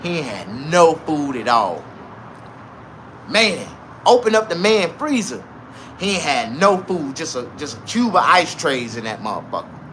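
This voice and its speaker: A man telling a crude comedic story in an animated, repetitive way, laughing at his own tale. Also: fairly high pitch, unhurried, slight background noise.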